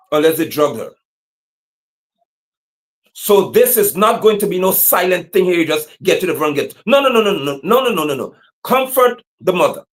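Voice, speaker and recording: A man giving impassioned livestream commentary as an activist, preaching and repeating slogans, sometimes shouting. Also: high-pitched.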